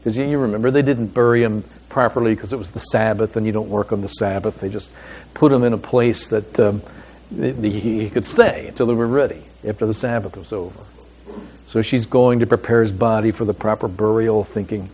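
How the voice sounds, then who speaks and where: A man preaching a sermon as pastor, with a deliberate, emphatic delivery and pauses. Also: mid-range voice, darkish tone, slight background noise.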